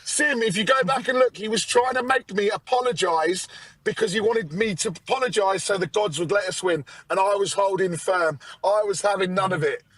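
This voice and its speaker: An Englishman with a high, bright-sounding voice, calling in on his phone from beside the road. He talks in quick, jokey banter full of mock outrage, and the sound is close and dry. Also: husky, no echo, rough recording. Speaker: fan show regular calling in. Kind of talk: casual football chat. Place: roadside, on the way home from the match.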